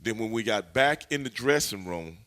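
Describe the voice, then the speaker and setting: A man, a former wrestler, telling stories as an interview guest in an animated, profane way, laughing as he goes. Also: lowish voice, normal speed. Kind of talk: storytelling in a shoot interview.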